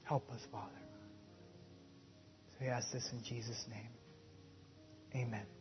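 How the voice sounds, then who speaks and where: A man preaching a sermon and leading a prayer, slow and emphatic, swelling loud and then dropping soft. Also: mid-range voice, little pitch movement, lo-fi sound. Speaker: pastor.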